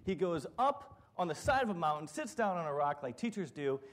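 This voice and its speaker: Fairly quick and sing-song, this middle-aged pastor's slightly high, fairly bright voice carries a sermon full of comic storytelling. He acts out what people said along the way.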